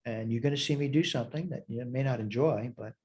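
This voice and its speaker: A man's voice: medium pitch, quick pace, a little mellow. A man teaching a college math lesson, thinking aloud as he works through problems in a chatty, self-deprecating way. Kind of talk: recorded math lecture.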